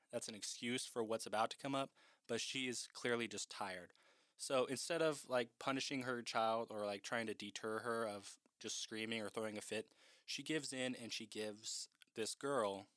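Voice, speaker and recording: A man's voice: mid-range voice, normal speed, sharp tone, dry recording, studio quality. A man casually recapping a horror film in a chatty, profane way, with lots of "like".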